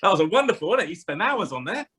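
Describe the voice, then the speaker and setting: Lively man doing stand-up. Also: high-pitched, racing. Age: 40s. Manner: chatty, rambling, asks the crowd questions. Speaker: stand-up comedian. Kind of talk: stand-up comedy.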